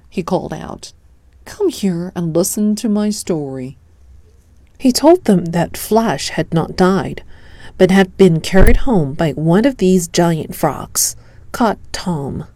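A woman reading a children's picture book aloud in an expressive storytelling manner. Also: lowish voice, slow pace, dry recording. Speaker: storybook reader.

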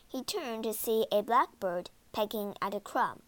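A woman narrating a children's storybook aloud in an animated, dramatic way. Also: fairly high pitch, measured pace. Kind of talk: expressive storybook read-aloud.

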